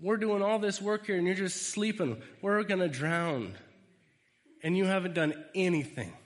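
A man's voice: moderate pace, close to an everyday voice. A man voicing a frantic, exasperated fisherman disciple who pleads that they are about to drown. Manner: exasperated, pleading, shouting high. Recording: reverberant hall.

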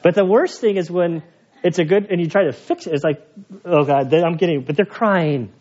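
A man's voice: high voice, brisk, darkish tone. A man preaching an expository sermon in a church, conversational with joking asides. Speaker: pastor. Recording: dull lo-fi sermon recording.

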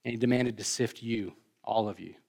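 A man preaching a sermon as pastor, talking in a conversational way with joking asides to the congregation, rising for emphasis and then dropping low. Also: fairly quick, gravelly, a little mellow.

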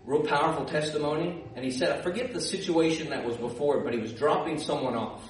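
A man's voice: a little high, fast talker, a little hiss or hum. A male pastor preaching a sermon, telling stories and building to emphatic repeated calls. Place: church sanctuary. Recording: echoey church hall, distant mic.

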